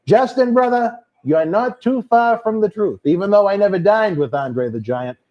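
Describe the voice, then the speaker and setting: A man's voice: high-pitched, lively intonation, moderate pace, highs cut off. A man with a Boston accent hosting a live wrestling watch-along, reading out viewer comments and calling people brother. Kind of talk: casual live-stream chat.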